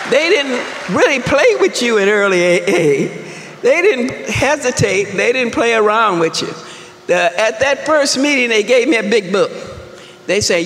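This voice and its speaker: A woman sharing her recovery story at a fellowship meeting, telling it with wry, deliberate humor. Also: mid-range voice, fairly bright tone, a little hiss or hum. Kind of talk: personal testimony talk. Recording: echoey hall with long reverb and faint room ambience.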